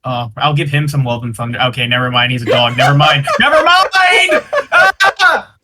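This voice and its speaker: A man's voice: medium pitch, fairly even intonation, quick pace, heavy background noise. A man co-hosting a podcast, chatting casually and joking, laughing at his own lines. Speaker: podcast co-host. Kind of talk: casual chat.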